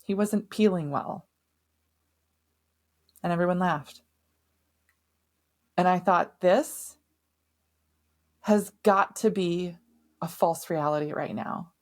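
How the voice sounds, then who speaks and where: A woman's voice: on the low side, takes it slowly, long pauses. A middle-aged woman hosting a podcast, telling a personal story in a candid, emphatic way and swearing now and then. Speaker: podcast host.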